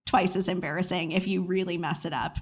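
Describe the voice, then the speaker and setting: A woman's voice: fairly low pitch, fairly even intonation, a little fast. An American woman co-hosting a podcast in casual chat, chatty and self-deprecating, laughing often. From United States. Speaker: podcast co-host.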